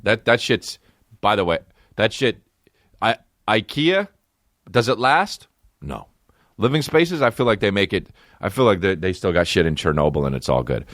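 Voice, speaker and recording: A comedian in his thirties hosts a podcast and rants with a lot of swearing and restless energy. His voice sits low but jumps all over the place. The sound is close and dry. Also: moderate pace, dry recording. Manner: profane, animated, riffing. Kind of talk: casual comedic rant.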